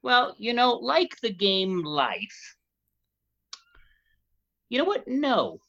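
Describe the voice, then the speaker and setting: A gushing board game buff who can't stop naming games, played by a woman. The voice is slow and drawn out yet bright and sharp, caught on a dull, lo-fi recording that blunts the edges. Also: on the high side, big pitch swings, vocal fry, heavily acted. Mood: enthusiastic. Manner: enthusiastic, rambling, jumps between ideas. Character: eager male board game expert, gushing.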